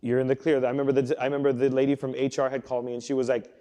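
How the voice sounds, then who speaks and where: A young man speaks to a youth group in a low, mellow voice at an everyday pitch. He tells a personal story in a loose, earnest way, restarting his sentences and acting out what people said to him. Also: little pitch movement, very fast. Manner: conversational, earnest, with many restarts and quoted inner thoughts. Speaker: youth pastor.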